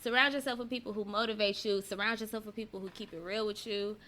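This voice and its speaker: This teacher runs a relaxed live-streamed podcast chat on a personal mic, talking quickly in a medium-pitched, fairly even, sharp voice. Chatty and often laughing, she reads out comments from her viewers.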